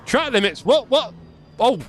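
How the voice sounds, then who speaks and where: A man's voice: very high voice, lively intonation, a little slow. A young man live-streaming sim racing, chatty and self-mocking, calling the race as he drives.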